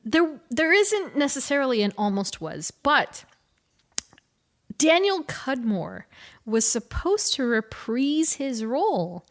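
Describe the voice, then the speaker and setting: A woman in her forties co-hosting a casual podcast chat, telling stories animatedly and correcting herself as she goes. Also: high-pitched. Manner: animated storyteller, quick self-corrections. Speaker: podcast co-host.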